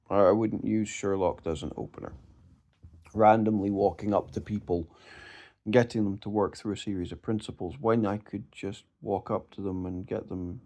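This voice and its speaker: A man's voice: low voice, darkish tone. A man giving an emphatic, direct casual talk on performing magic, often restarting his words. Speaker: mentalist discussing magic performance. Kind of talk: casual instructional monologue.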